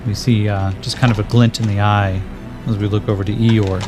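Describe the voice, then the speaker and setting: A man's voice: fairly low pitch, little pitch movement, brisk. A man running a tabletop game as game master, thinking aloud as he checks the rules and narrates the scene. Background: faint background music.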